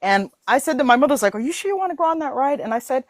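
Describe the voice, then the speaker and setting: Woman host, raised pitch, chatty and animated, dry close mic. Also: very fast, no room sound. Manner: animated storytelling with laughs and voiced quotes. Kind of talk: casual chat on mindset and manifesting.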